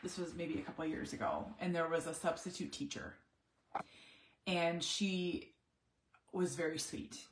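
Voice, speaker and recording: A woman's voice: lowish voice, fairly even intonation, unhurried, long pauses, echoey room, a little hiss or hum. A middle-aged woman, a mother of an autistic son, talking candidly in a personal vlog, reflective and searching for words with many restarts.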